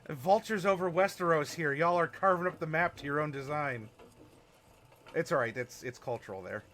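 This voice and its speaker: Guy from ohio running a stream workshop, rambly and chatty, bright tense voice, a bit high. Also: lively intonation, unhurried, long pauses. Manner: chatty, rambling, reads chat aloud and laughs often. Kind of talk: casual live-stream talk to chat.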